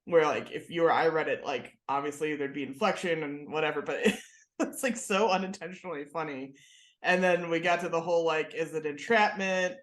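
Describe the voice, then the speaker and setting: A woman in her thirties co-hosts a podcast, her low voice moving fairly quickly through an echoey room. She tells stories in a chatty, casual way, full of "like," fillers and laughter.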